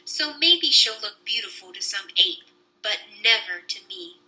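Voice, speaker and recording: A young woman reading a children's book aloud with lively storytelling. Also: medium pitch, a little slow, poor audio.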